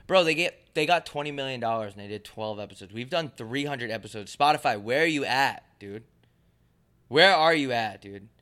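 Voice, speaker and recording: A man co-hosting a casual podcast, ranting loudly and swinging his voice up and down as he jokes. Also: moderate pace. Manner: loud, animated ranting with big pitch jumps. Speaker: podcast co-host.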